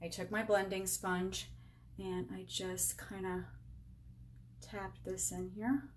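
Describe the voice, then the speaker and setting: A woman's voice: medium pitch, little pitch movement, slow pace, slight background noise. A woman in her forties giving a casual live-stream makeup tutorial, chatty and upbeat, talking to herself and her viewers as she works. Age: 40s. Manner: chatty, talks to herself and viewers while working; upbeat, self-teasing. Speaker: beauty sales rep demonstrating makeup. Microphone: camera with a halo light.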